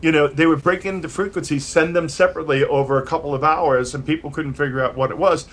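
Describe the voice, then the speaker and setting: A fast talker with a fairly high voice, this older New York musician is a video-call guest in a home studio full of equipment. His stories are animated and rambling, with frequent restarts.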